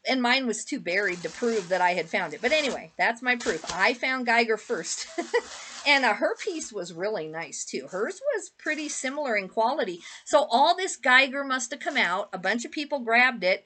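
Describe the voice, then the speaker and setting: A woman's voice: on the high side, lively intonation, normal speed, sharp tone, slight background noise. A woman reseller chatting casually through a clothing haul, rambling with lots of fillers and asides. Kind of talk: casual haul vlog chat.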